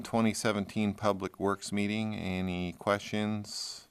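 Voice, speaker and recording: A man chairing a municipal board meeting, running it in a brisk, procedural way and asking pointed questions. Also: lowish voice.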